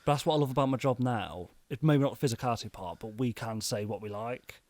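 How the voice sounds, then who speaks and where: A man's voice: mid-range voice, fast, dry recording. A man in casual podcast chat, telling a story animatedly and laughing as he goes. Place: small room.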